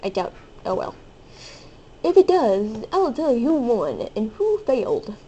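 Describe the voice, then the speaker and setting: A woman giving excitable, hyper commentary over her own gameplay, squealing and playful. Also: a little high, measured pace, breathy edge, highs cut off. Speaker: gaming video host.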